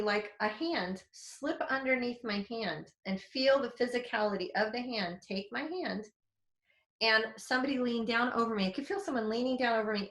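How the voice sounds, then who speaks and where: A psychic development teacher, a woman in her forties, tells a story during a webinar, sounding casual, candid and animated, with some mild swearing. Her voice is fairly high, and the audio is reverberant.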